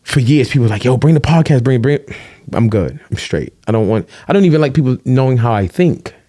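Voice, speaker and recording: A man in casual chat, telling animated stories in streetwise slang and swearing freely. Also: mid-range voice, quick pace, no room sound, clean studio sound. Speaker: podcast guest, vlogger.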